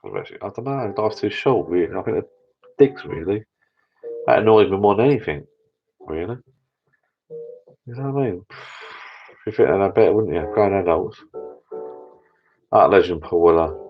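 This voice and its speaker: Low-voiced man chatting casually. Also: lively intonation, normal speed, pauses often, faint music behind. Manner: rambling, chatty, many restarts. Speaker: channel host. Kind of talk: casual live chat with viewers. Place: home bar room. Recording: dull lo-fi sound.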